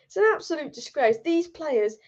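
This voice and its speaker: A woman's voice: sits high, animated, normal speed. A young woman hosting a live-stream football fan channel, ranting heatedly and reading out viewer comments. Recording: dull lo-fi stream audio.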